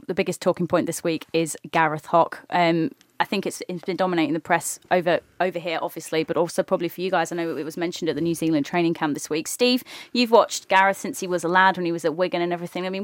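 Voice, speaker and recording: A woman hosting a live radio sports show, presenting in a brisk and upbeat way from a studio microphone. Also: fairly low pitch, dry recording. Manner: brisk and upbeat, reads a quick rundown.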